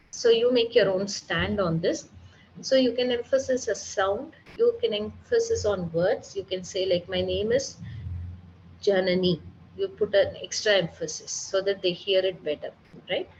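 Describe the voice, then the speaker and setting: Woman, speech therapist, seminar lecture, patient explaining, muffled sound, faint background hiss. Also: mid-range voice.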